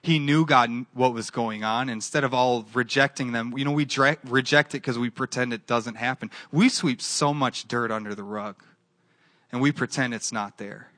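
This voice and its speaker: A man's voice: mid-range voice, normal speed, a bit bright, no echo. A man preaching a sermon with an earnest, repetitive cadence, then leading a closing prayer. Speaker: pastor.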